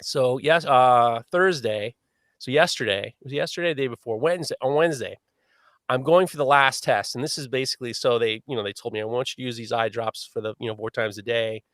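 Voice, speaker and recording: A man hosting a live podcast, telling a long story in a lively, swearing manner. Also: medium pitch, a little fast, no room sound, studio quality. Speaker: podcast host.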